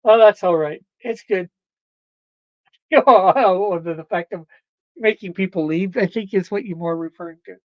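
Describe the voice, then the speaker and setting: A woman's voice: fairly low pitch, moderate pace, no echo, dull audio. A woman hosting a livestream, chatting casually with viewers, rambling and laughing often. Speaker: livestream host.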